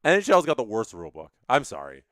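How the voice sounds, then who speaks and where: A man's voice: medium pitch, huge pitch swings, fast, a bit bright, no echo, studio quality. A man hosting a live stream, reading viewer chats and ranting opinionatedly, often repeating his phrases.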